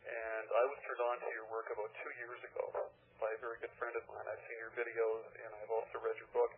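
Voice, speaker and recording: Radio caller, man, hesitant and rambling, raspy voice over a tinny phone line. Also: fairly low pitch, completely flat delivery, fast talker. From Canada. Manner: hesitant, rambling, many fillers. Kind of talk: phoning in to a radio show.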